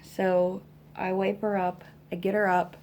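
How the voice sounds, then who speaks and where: A mother venting about her kids in a rambling, halting way, exhausted, with lots of fillers, at home. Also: mid-range voice, little pitch movement, a little mellow, a little hiss or hum.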